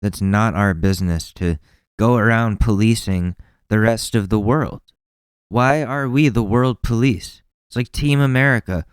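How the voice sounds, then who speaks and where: A young podcast host rants in an exasperated, rambling way and swears freely. His voice is smooth and resonant. It sounds close and dry, with no room around it. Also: lowish voice, a little slow, no room sound. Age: young adult. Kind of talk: casual opinionated chat.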